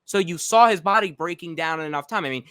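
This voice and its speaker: A man's voice: fairly high pitch, fast, a bit bright, clear, resonant tone, no room sound, clean studio sound. A young man co-hosting a casual sports chat, blunt and foul-mouthed, getting heated when he rants. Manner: blunt, swears a lot, gets heated. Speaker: podcast co-host.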